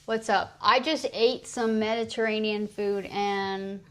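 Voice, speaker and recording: A woman's voice: mid-range voice, steady tone, measured pace, fairly bright tone. A young woman streaming live, chatting casually and laughing at her own mistakes while she practices French phrases. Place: at home streaming. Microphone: streaming mic.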